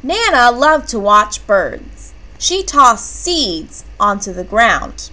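A woman reading a children's story aloud, slow and expressive, lifting her voice for the characters' lines. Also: a little high, low-quality recording. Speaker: storybook reader.

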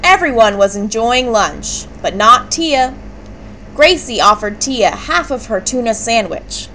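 A woman reading a children's book aloud, with clear and expressive storytelling. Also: a little high, unhurried, slight background noise, rough recording. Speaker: storybook reader.

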